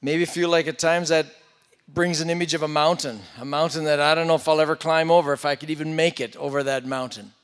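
A man preaching a sermon, retelling a scripture story with loud emphasis and hushed asides. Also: fairly high pitch, steady tone, brisk, clear, resonant tone, in a large hall. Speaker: pastor.

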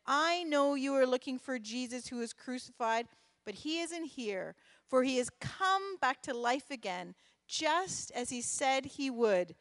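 A woman reading the words of a calm, comforting angel in a children's Bible story, slowly and steadily. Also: high voice, no room sound, exaggerated voice.

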